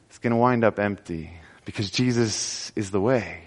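A man preaching a sermon in an earnest way, building up with emphasis and then dropping soft, sometimes repeating words. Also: lowish voice, moderate pace, in a large hall. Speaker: pastor.

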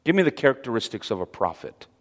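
A man leading an interactive Bible study, speaking haltingly with fillers and repeated words and putting questions to his audience. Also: medium pitch, sing-song. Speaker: Bible teacher. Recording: long reverb of a large hall.

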